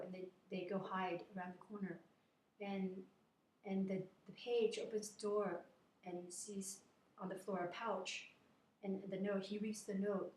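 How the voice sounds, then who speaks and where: A woman retells a fairy tale to a friend in a loose, chatty way, searching for words as she goes. Her voice sits at a middling pitch, and the room gives it a clear echo. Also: darkish tone, a little hiss or hum. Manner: chatty, rambling, with fillers and restarts. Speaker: storyteller. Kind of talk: casual storytelling to a friend. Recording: echoey room.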